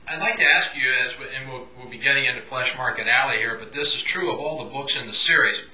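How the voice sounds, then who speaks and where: A man's voice: medium pitch, quick pace, bright, forceful tone. A man hosting an interview, asking questions in a hesitant way with many fillers. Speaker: interviewer host. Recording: echoey room.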